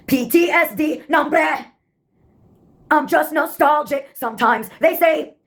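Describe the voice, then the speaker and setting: A woman with a high voice talks through a spoken-word track, profane and sardonic. Her delivery is quick and clipped, and she rambles from thought to thought.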